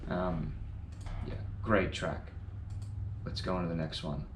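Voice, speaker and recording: A man's voice: low-pitched, level tone, slow pace, roomy sound, slight background noise. A man giving casual, enthusiastic first-reaction commentary on music, rambling a little and swearing now and then. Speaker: music reaction video host.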